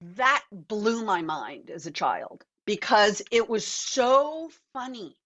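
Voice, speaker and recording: An older woman, a guest actor and author, telling animated, reflective stories in a conversational interview over a video call. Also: mid-range voice, takes it slowly, dull audio.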